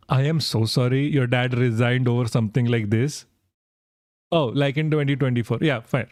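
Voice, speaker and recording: A man's voice: mid-range voice, moderate pace, long pauses, darkish tone, dry recording, studio quality. A young man streaming and reacting to a clip, giggling and swearing as he chats with his viewers. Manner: giggly, swearing, laughing through words. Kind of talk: casual reaction stream chat.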